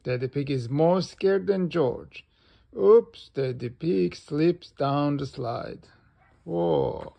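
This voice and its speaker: A man reading a children's picture book aloud in an animated way. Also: fairly high pitch, creaky. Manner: slow and animated. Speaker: storybook reader.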